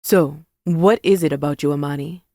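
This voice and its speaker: Woman doing a sly flirty guy, low gravelly voice, dry close sound. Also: moderate pace, mellow, no room sound. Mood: teasing. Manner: sly and conspiratorial.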